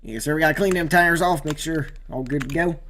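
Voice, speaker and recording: A man's voice: a little high, a little fast, pushed and bright, slight background noise. A man casually commenting while racing in a video game, rambling with fillers and bursting out at near-crashes. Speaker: gamer doing race commentary.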